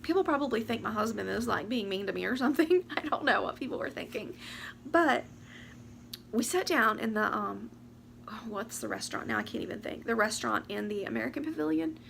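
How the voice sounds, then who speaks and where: A woman, talking to camera about her year. She rambles, talks fast and fights back tears. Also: fairly high pitch, lively intonation, vocal fry, a bit bright, a little hiss or hum. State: teary, close to crying. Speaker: vlogger. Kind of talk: casual chat to camera. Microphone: camera or phone mic.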